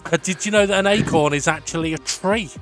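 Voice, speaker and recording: An excitable man with a fairly high voice calls sim race results and cracks jokes, talking in a loose, rambling way full of ums. Faint music plays underneath him. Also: fairly quick. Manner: excitable, jokey, full of fillers. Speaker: sim racing league host and commentator. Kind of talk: casual race commentary and banter.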